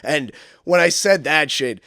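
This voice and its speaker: A young man, a comedian, telling a story in casual podcast chat and loudly acting out the people in it. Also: fairly high pitch, a little slow, no echo, studio quality. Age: young adult. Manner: animated storyteller, acts out quotes loudly. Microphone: podcast studio mic.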